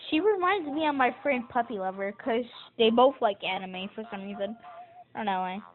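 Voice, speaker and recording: A woman vlogger chatting casually and excitedly about a video game, rambling with restarts. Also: on the high side, moderate pace. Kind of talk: casual gaming chat. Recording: tinny phone-like audio with loud game music.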